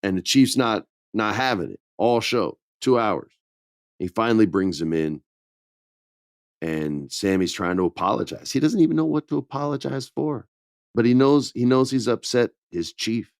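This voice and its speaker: A man co-hosts a casual podcast and retells wrestling segments with animated swings in pitch. He jumps into quick put-on voices for the quotes. The sound is dry and close. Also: creaky, no room sound. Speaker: podcast co-host. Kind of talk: casual wrestling recap chat.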